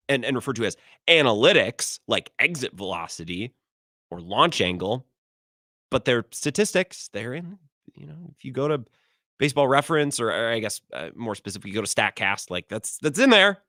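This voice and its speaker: A man's voice: mid-range voice, pushed and bright, no echo, studio quality. A man hosting a sports radio show, arguing his opinions and often stumbling over and repeating his words. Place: radio studio.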